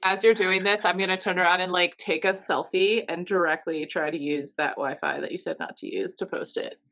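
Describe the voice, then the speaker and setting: A woman's voice: on the low side, animated, brisk, a bit bright. A woman playing a tabletop game, speaking in a playful, teasing way and laughing often. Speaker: player. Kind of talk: casual tabletop role-play chat.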